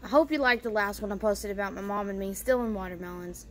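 A woman's voice: mid-range voice, quick pace, a little hiss or hum. A woman vlogger telling a family story in casual style, bluntly and with free swearing. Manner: blunt, swears freely, lots of "you know" fillers.

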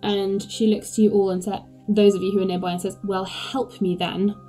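A woman's voice: mid-range voice, little pitch movement, fast, dark tone, faint music behind, rough recording. A woman game master narrating a tabletop game, describing scenes hesitantly with many fillers.

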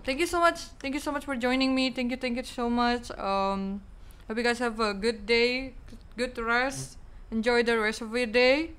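A young game streamer with an Indonesian accent rambles casually through her sign-off, repeating words and goodbyes. Her voice sits on the high side, a bit bright and smooth.

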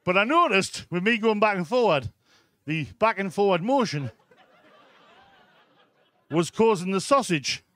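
A man's voice: sits high, lively intonation, measured pace, pauses often, a bit bright, no echo. A man with a Geordie accent doing a live stand-up set in a comedy club, telling a crude story with constant "right?" asides to the crowd.

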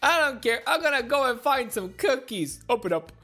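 A woman's voice: sits high, lively intonation, normal speed, fairly bright tone, soft background music. A woman voicing a frantic male cartoon hedgehog hero in improvised game role-play, shrieking and exasperated, begging to be left alone. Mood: panicked.

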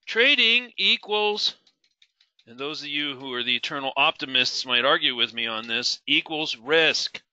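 A man's voice: medium pitch, animated, measured pace, sharp tone, no echo, dull audio. A middle-aged man teaching a live trading webinar, asking the audience questions and repeating key words for emphasis. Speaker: trading instructor.

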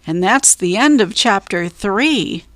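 A woman storyteller reading a children's book aloud, slow, clear and deliberate. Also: mid-range voice, animated, a bit bright, no echo.

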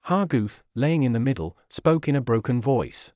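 A man narrates a fantasy tale in steady, scripted storytelling. His voice sits in a middle range and the sound is dry and close. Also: medium pitch, moderate pace, no echo, lo-fi sound.

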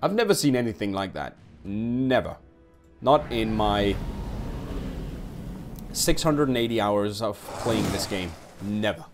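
A man commentating a strategy game he is playing, cheering on his units and reacting loudly to each hit. His delivery is slow and unhurried, but his pitch leaps up and down as he gets excited. Faint game music plays behind him. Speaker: let's play streamer.

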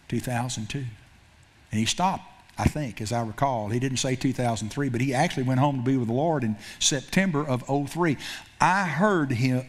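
This is a man preaching from the pulpit at an average pitch. He tells his story loosely, repeating himself and restarting his sentences as he goes. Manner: storytelling with repetitions and self-corrections. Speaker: pastor. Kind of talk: sermon.

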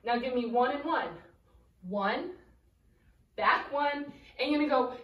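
High-voiced woman counting dance steps. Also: unhurried, long pauses, fairly bright tone, far from the mic. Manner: cheerful, counts beats and calls out steps while dancing. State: slightly out of breath. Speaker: dance instructor. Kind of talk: dance lesson for children. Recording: echoey room, voice from afar.

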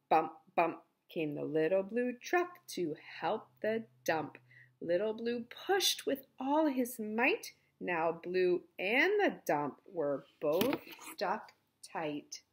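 Animated woman reading a children's picture book. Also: lowish voice. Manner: animated, with sing-song animal sounds and asides to the kids. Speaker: children's story reader.

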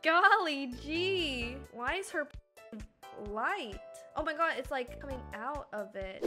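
A woman streaming a horror game, chatting excitably and giggling with her viewers. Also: high voice, slow, faint music behind. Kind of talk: casual gameplay commentary.

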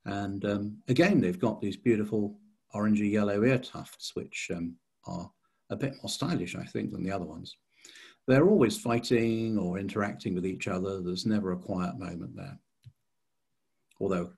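A man's voice: fairly low pitch, vocal fry, a little mellow, husky. A man giving an illustrated slide talk as a society chairman, hesitant with many fillers and restarts.

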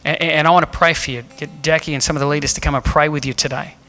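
A man's voice: fairly high pitch, fairly even intonation, quick pace, pushed and bright, soft background music. A man preaching a sermon as pastor in a church, earnest and emphatic, asking the room rhetorical questions. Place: church hall.

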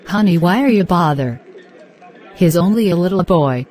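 A woman's voice: fairly low pitch, expressive, normal speed, a little mellow, natural voice. A woman voicing a boastful, scheming wife. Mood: scornful. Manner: dismissive, boastful. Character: scheming wife, proud of her dark altar.

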